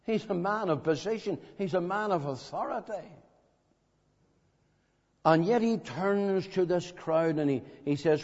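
Slow dramatic preacher in an echoing hall. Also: male voice, sits high, a little mellow. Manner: slow, dramatic, with emphatic questions. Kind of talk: evangelistic sermon. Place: meeting hall. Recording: dull lo-fi recording in a reverberant hall.

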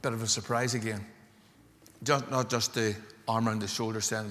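A man's voice: mid-range voice, little pitch movement, moderate pace, fairly bright tone. Impassioned preacher man in a reverberant church. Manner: impassioned, building to emphatic climaxes. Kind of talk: sermon.

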